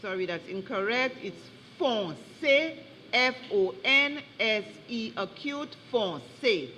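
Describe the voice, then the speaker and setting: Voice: medium pitch, animated, takes it slowly, sharp tone. A spelling bee pronouncer, reading each word twice and spelling out corrections carefully. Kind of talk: reading out words at a competition. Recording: echoey hall, faint background noise.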